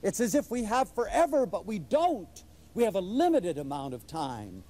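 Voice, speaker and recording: A man's voice: high voice, wildly swooping pitch, fairly quick, mellow. A man giving an inspirational lecture to a live audience, telling stories with enthusiasm and animation.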